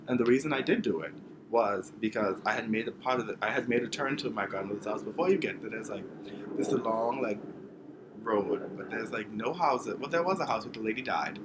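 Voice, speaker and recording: A young Bahamian vlogger tells a funny childhood story in a story time monologue, dramatic and self-mocking. His medium-pitched voice is very animated at normal speed, with a little hiss or hum in the recording.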